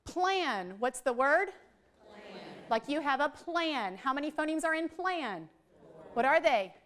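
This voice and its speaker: A middle-aged woman, leading a lively, chatty teacher training workshop for a group in a training room. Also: sits high, a little slow. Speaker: literacy trainer.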